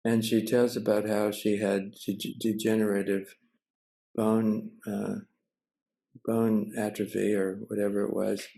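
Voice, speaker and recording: An older man with a gravelly, mellow, low voice tells a story. He talks haltingly, with pauses and restarts, heard through a video call mic. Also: level tone, low-quality recording. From United States. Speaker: Zen teacher and cook. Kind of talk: casual storytelling.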